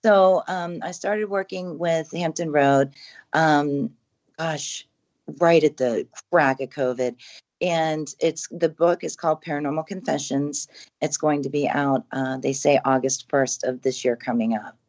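A woman's voice: low-pitched, fairly even intonation, a little slow, darkish tone, muffled recording. A woman chatting casually as a podcast guest, earnest and rambling, with many fillers and restarts. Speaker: haunted house owner and author, guest.

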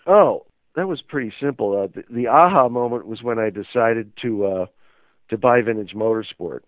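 A man's voice: mid-range voice, normal speed, no echo. A man telling a story as an interview guest, rambling and hesitant with many fillers. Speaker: interview guest, magazine owner. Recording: tinny phone line.

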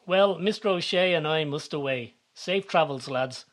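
Brief: sly schemer, smooth and knowing, slightly high voice, read by a man. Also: normal speed, fairly bright tone, lightly acted.

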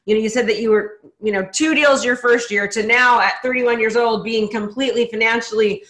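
A woman hosting a podcast in casual interview chat, upbeat, talking in quick bursts with many restarts. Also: a little high, steady tone, fairly bright tone, reverberant. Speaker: podcast host.

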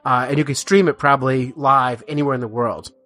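A man's voice: mid-range voice, steady tone, brisk, bright, forceful tone. A man co-hosting a podcast, joking in a self-deprecating way and giggling often. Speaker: podcast co-host. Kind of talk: casual chat.

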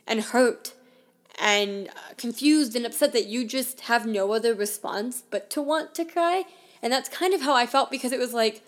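A woman's voice: on the high side, a bit bright. A woman in her twenties telling a personal story as a podcast host, in a candid, conversational way full of "like" and "I mean.".

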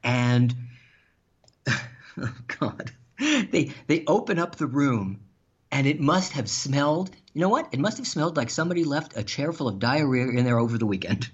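A man telling stories in casual chat, animated and laughing, with some swearing. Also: medium pitch, normal speed, breathy edge. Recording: dull lo-fi sound.

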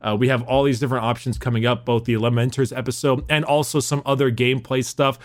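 A young man co-hosting a podcast in casual chat, excited and rambling, swearing casually and laughing often. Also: medium pitch, fast talker. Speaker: podcast co-host.

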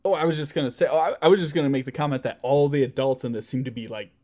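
A man in casual podcast chat who makes sarcastic jokes and talks in a lively way. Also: medium pitch, rapid-fire.

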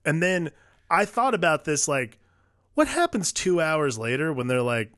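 A man's voice: fairly high pitch, lively intonation, unhurried, a bit bright, no echo, clean studio sound. A man co-hosting a casual film discussion, rambling and profane, with many filler words. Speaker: podcast co-host.

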